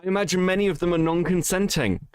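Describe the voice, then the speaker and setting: A British man hosting a casual reaction podcast, emphatic and quick to swear. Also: sits high, smooth, no echo, clean studio sound. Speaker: podcast host.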